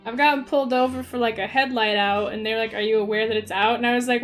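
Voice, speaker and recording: A young woman chatting casually while livestreaming a game, swinging between mumbled asides and loud squeals. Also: fairly high pitch, quick pace, faint music behind. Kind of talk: casual gaming stream chat.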